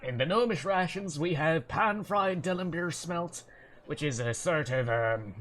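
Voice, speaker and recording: A man's voice: fairly high pitch, lively intonation, a little slow. A man doing a hearty thick-accented dwarf. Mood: proud. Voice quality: thick hard-to-follow accent. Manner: hearty, loud, relishing each food item. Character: jolly male dwarf food merchant, proud and hearty.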